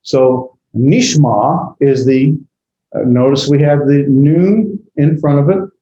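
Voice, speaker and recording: A man's voice: mid-range voice, takes it slowly, dark tone, reverberant, highs cut off, a little hiss or hum. A man teaching a class in a rambling way, with many fillers and restarts, tired after a long day. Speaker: instructor. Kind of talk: classroom lecture.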